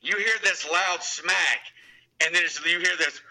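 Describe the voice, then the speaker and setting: A man's voice: high voice, fairly even intonation, measured pace, a crowd in the background, low-quality recording. A man in his forties telling loose, crude, joking anecdotes in casual chat. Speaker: guest, pub owner.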